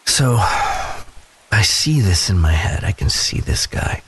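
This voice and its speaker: A man giving a slow, thoughtful Bible devotional, telling personal stories. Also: sits low, sing-song, a bit bright. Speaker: devotional speaker.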